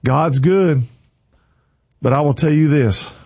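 A man's voice: a little high, takes it slowly, vocal fry, darkish tone, breathy edge, no echo. A man giving an emotional, preachy faith talk on a livestream, with a slightly dull lo-fi sound.

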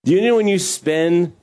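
A man's voice: high-pitched, mellow. A male pastor giving a conversational sermon with jokes and asides. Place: hot church room.

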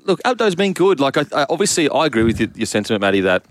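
A man's voice: medium pitch, sing-song, racing, no room sound. A man co-hosting a casual sports radio chat, joking and stopping to restart his thoughts. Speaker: radio co-host.

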